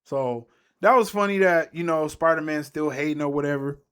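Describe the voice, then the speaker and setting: Dude doing a chill movie breakdown vid, kinda high voice, rambly and slangy. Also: male voice, normal speed, fairly bright tone, clean tone. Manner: rambling and slangy, trailing off mid-thought. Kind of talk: casual movie recap commentary.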